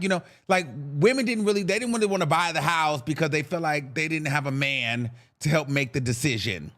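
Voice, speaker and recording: High, bright-voiced man telling a story. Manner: animated, rambling, profane, acts out voices in the story. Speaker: podcast host. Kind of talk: casual storytelling monologue.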